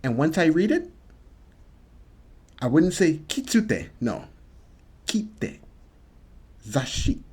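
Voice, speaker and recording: A man giving a casual video lesson, patiently repeating each word slowly for practice. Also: medium pitch, a little mellow, husky. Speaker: Japanese teacher.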